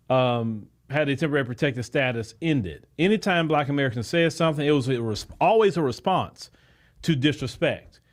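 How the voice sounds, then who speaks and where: Measured man lecturing on a livestream. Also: fairly high pitch. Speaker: podcast host. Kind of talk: livestream commentary.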